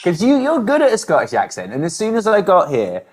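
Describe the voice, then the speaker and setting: A man's voice: high voice, wildly swooping pitch, fairly quick. A man, a musician co-hosting a podcast, chatting in a wordy, self-mocking way. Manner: wordy, self-deprecating, rambling with fillers. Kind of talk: casual chat.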